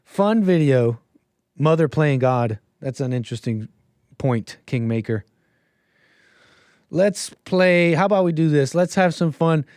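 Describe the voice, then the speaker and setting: A man's voice: on the high side, measured pace, darkish tone, no echo, studio quality. A man hosting a casual commentary livestream, sarcastic and often laughing. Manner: sarcastic, keeps breaking into laughter. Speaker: livestream host.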